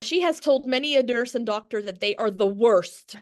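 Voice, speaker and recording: A woman in her forties, a podcast guest talking candidly in conversation, frank and quick to laugh, with frequent restarts. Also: a little high.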